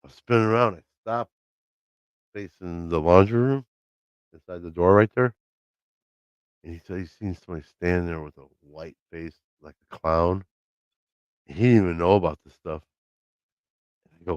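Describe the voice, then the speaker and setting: Deep-voiced man telling a casual live story. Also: moderate pace, long pauses, clean tone, no room sound, lo-fi sound. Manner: loose storytelling, swearing, acts out quotes. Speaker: livestream host. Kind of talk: casual live-stream chat. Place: home, by his laundry room.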